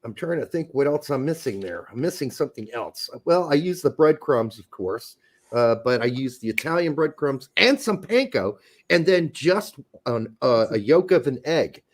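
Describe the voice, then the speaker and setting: A man's voice: medium pitch, animated, normal speed. A man co-hosting a casual podcast, joking and swearing while drinking beer and talking cooking. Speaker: podcast co-host.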